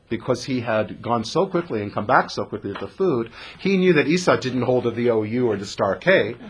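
A man teaching a text study class in a lively conversational way, putting questions to the students in the room. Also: medium pitch, slightly rough.

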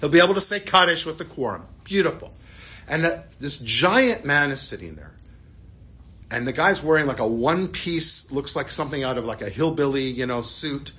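A man, a rabbi, telling a story as part of a sermon, animated at times and dropping to hushed tones at others. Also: mid-range voice, normal speed.

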